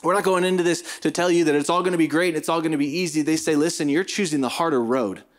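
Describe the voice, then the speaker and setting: A man's voice: fairly high pitch, fast talker. A middle-aged male pastor preaching a sermon in an earnest, emphatic way, repeating phrases for stress.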